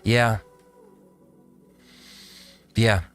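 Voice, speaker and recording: A man's voice: on the low side, flat delivery, extremely slow, a bit bright, faint music behind. A man hosting a casual live-stream, reacting to a video with rambling talk and frequent laughs. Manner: rambling, laughs often, restarts.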